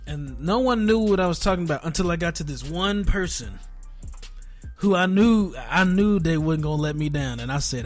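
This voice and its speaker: A man's voice: a little high, animated, moderate pace, soft background music. A man co-hosting a casual podcast, chatty and laughing often as he tells stories. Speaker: podcast co-host. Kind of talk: casual chat.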